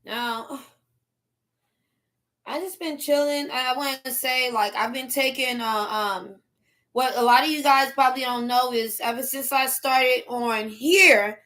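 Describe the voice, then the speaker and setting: Loud, animated middle-aged woman. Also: sits high. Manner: loud, animated, quick to laugh and shout. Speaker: livestream host. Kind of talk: casual livestream chat.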